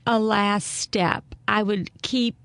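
A woman's voice: medium pitch, fairly even intonation, takes it slowly, creaky, fairly bright tone, no echo. A middle-aged woman with an Alabama Southern accent, telling stories and laughing often as a guest in a casual chat. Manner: chatty storyteller, laughs often. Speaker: guest author.

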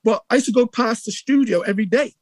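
A middle-aged man with a Bristol accent, telling stories in a casual interview with lively acted-out quotes and many restarts. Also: very high voice, fast, dry recording. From England. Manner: animated storyteller, acts out quotes, many restarts. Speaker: radio DJ guest.

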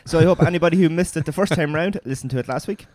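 A man's voice: a little high, rapid-fire, darkish tone, no room sound. An Irish man co-hosting a podcast, chatting casually with frequent hesitations and restarts. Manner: hesitant, many fillers and restarts. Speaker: podcast co-host. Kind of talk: casual chat.

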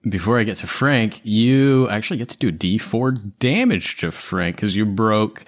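A man's voice: on the low side, expressive, a little slow. A man running a tabletop game as game master, explaining rules casually with some swearing.

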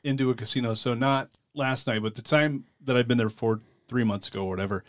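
A man's voice: mid-range voice, dry recording. Chatty guy co-hosting a podcast, mid voice, dry close sound. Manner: chatty, quick to laugh. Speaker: podcast co-host. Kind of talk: casual chat.

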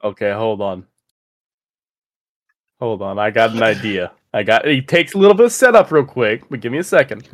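A man's voice: fairly low pitch, expressive, moderate pace, long pauses, no echo, clean studio sound. A man playing a tabletop game, chatty and scheming, who slips into talking in character. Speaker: player.

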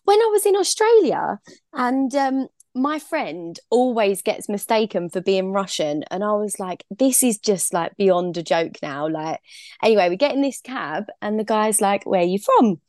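A British woman co-hosting a podcast in casual chat, telling stories in a lively way. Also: mid-range voice, a little slow, no echo, studio quality. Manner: lively storyteller. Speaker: podcast co-host.

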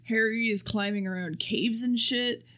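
A man's voice: high voice, steady tone, moderate pace, bright, forceful tone. A man co-hosting a podcast, casually recapping an episode in a rambling, profane way. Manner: rambling and profane, acts out quotes. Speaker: podcast co-host.

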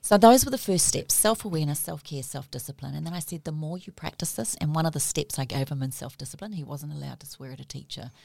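A middle-aged woman telling family stories as a podcast guest, lively and quick to laugh. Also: sits low, creaky, no room sound. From New Zealand. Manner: lively storyteller, laughs often, acts out quotes. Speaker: guest, mother. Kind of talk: storytelling in casual conversation.

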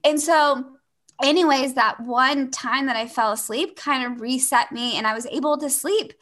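Young woman, bright voice, kinda high, chatty storytelling, says like a lot. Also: moderate pace. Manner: animated storyteller, frequent "like" fillers. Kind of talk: casual conversation, personal storytelling.

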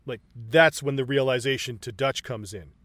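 A man co-hosting a casual film chat, excited and profane, acting out movie lines as he retells scenes. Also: medium pitch, moderate pace, dry recording. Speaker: podcast co-host.

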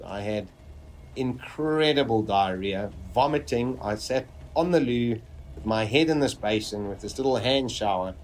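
A man vividly recounting a personal survival story, with dramatic pauses. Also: medium pitch, darkish tone, a little hiss or hum.

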